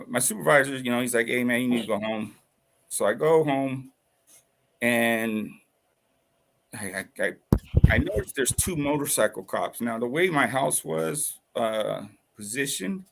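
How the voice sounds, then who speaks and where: A man with a gravelly, creaky voice tells a personal story in loose, casual talk. He rambles, swears freely, and fills the gaps with fillers and restarts. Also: medium pitch. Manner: rambling, profane, full of fillers.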